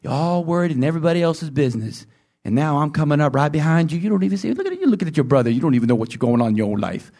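A preacher putting on a sly, taunting devil. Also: male voice, fairly high pitch, sing-song, very fast, warm tone. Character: sly taunting male devil stalking a victim.

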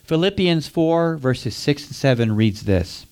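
A man's voice: a little high, lively intonation, measured pace, a little mellow, clean tone. A man preaching a sermon, speaking straight to his listeners and asking them questions. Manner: direct, asks the listeners questions.

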